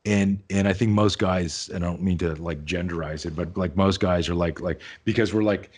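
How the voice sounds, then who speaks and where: A man's voice: low voice, normal speed, darkish tone, breathy edge. A man who teaches self-defense, a guest on an interview show, telling stories in a rambling, casual way with frequent restarts and free swearing.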